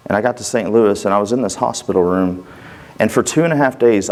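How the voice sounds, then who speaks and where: A man's voice: fairly low pitch, a little mellow. A man giving a personal church testimony in an earnest, conversational way, acting out the dialogue as he tells it.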